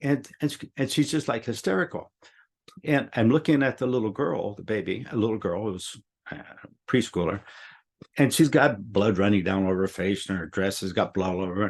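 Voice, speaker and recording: A man's voice: on the low side, fairly quick, vocal fry. An older man in casual chat, telling a long story in a rambling way, with repeated words and a soothing tone when he quotes himself. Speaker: guest teacher.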